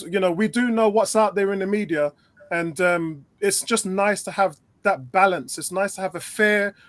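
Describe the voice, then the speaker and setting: Male podcast guest, high voice, emphatic, repeats himself. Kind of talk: casual football chat.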